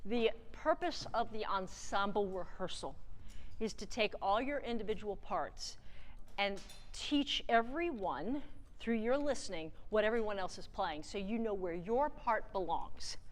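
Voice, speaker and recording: A woman conducting a band rehearsal, energetic, singing rhythms aloud and counting off the players. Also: medium pitch, a little slow, slight background noise. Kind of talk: rehearsal coaching. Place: large theatre with a band. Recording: live hall reverb with band playing.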